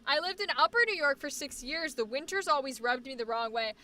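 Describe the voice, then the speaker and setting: A young woman from New England, with a faint Boston accent, hosting a casual livestream chat about where she likes to live. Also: sits high. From New England (born in Boston, raised on the New Hampshire border). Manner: chatty and animated, fast bursts, trails off into fillers. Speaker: livestream host. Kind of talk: casual chat reading viewer comments.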